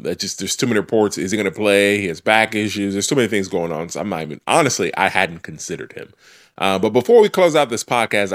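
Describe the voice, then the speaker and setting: Man, sports podcast host, lively swinging pitch, opinionated, teasing, casual debate.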